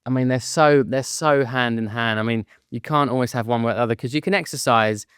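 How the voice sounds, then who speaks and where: An English man speaking as a guest in an interview, earnest and candid about feeling low. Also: a little fast, a bit bright, clean tone, dry recording, clean studio sound.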